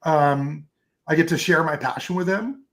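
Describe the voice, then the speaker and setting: Upbeat guy rambling thru stories in an interview, lots of ums, kinda high voice. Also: normal speed. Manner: enthusiastic, rambling storyteller with many fillers. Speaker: photographer guest. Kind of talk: casual interview chat.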